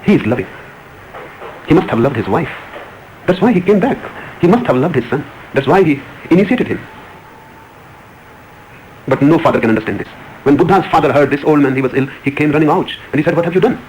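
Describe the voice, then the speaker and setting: Fast-talking man telling a spiritual parable. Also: fairly high pitch, expressive, a little mellow, slight background noise, rough recording. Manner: emphatic, repetitive, rising emphasis on key words. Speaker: spiritual speaker. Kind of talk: storytelling discourse.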